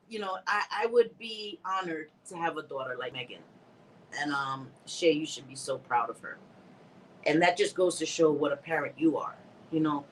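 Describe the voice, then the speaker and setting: Still stuffy from a bad cold, a woman answers viewers on a casual livestream, reading their comments in a rambling, heartfelt way, teary but laughing through it. Her voice is low. The poor audio carries a little hiss or hum.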